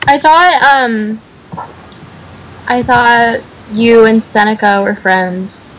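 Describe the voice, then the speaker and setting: A woman's voice: on the high side, steady tone, slow pace, a bit bright, slight background noise, low-quality recording. A woman in casual chat, prodding her friends with curious questions.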